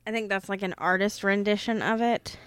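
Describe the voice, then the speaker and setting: A woman's voice: medium pitch, fairly even intonation, brisk, clear, resonant tone, no room sound, studio quality. A young woman co-hosting a podcast, reading aloud and chatting casually, laughing often, teasing and swearing. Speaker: podcast co-host.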